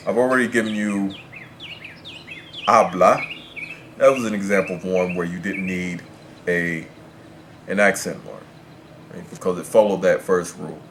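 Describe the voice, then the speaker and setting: A man's voice: low-pitched, steady tone, moderate pace, long pauses, fairly bright tone, slight background noise. A man teaching as a Spanish tutor, patiently explaining rules and spelling words out letter by letter.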